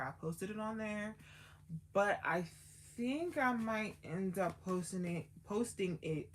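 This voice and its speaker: A woman's voice: low-pitched, slight background noise. Slangy woman retelling a sermon live. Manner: emotional, slangy, repeats herself. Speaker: livestream host. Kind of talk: casual live-stream storytelling.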